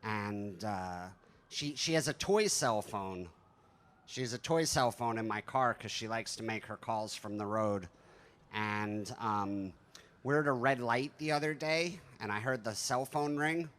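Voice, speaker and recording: A man's voice: on the low side, measured pace, fairly bright tone. A man in his thirties doing stand-up, telling stories in a conversational, profane, self-deprecating way. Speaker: stand-up comedian. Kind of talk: stand-up storytelling.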